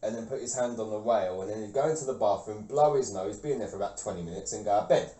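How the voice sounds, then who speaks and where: A man's voice: fairly low pitch, fast, warm tone, far from the mic. A man co-hosting a casual podcast, telling stories with lots of swearing and laughter. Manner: swears often, laughs through his stories. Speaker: podcast co-host. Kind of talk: casual chat. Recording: echoey room, voice off-mic.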